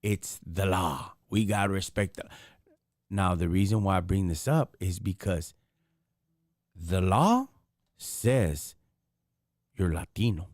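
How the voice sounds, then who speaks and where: Male streamer, slangy and animated, rhetorical questions, dry close mic. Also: low-pitched, slow pace, long pauses, no echo. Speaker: live stream host. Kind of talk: casual live stream talk.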